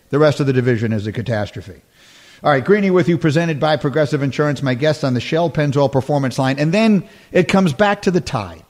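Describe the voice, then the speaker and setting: A man's voice: on the high side, darkish tone. A man hosting a sports talk radio show, speaking emphatically and repeating his points.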